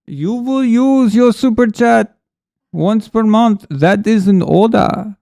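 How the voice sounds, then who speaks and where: A man voicing a stern, bossy man with a put-on German accent, giving slow, loud orders. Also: high voice, creaky, no room sound, studio quality, voice pushed up, heavily acted. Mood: commanding.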